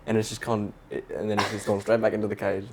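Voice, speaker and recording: A man's voice: lowish voice, completely flat delivery, quick pace. A young man, co-hosting a casual podcast chat. He tells anecdotes in a laid-back way, swears casually and laughs at his own stories. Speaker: podcast co-host. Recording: faint background noise with clicks.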